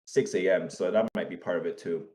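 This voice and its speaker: A young adult man co-hosting a casual podcast, telling stories in an animated, self-mocking way. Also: sits low, brisk, a little hiss or hum. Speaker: co-host.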